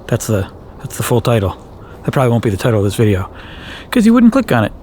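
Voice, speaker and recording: A man from Wisconsin chatting casually to camera outdoors in his backyard, rambling and correcting himself, often jumping up in pitch for emphasis. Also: wildly swooping pitch, quick pace, a little mellow, a little hiss or hum. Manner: rambling, self-correcting, playful, with big jumps up in pitch. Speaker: YouTuber. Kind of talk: casual vlog chat.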